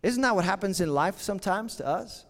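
A pastor preaching a sermon in an earnest, conversational way, with dramatic pauses. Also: male voice, high voice, lively intonation, in a large hall.

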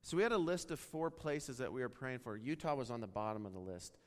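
A man from Wyoming preaching a sermon, telling a story and acting out the dialogue in an animated way. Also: mid-range voice, brisk, clear, resonant tone. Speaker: pastor. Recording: long reverb of a large hall.

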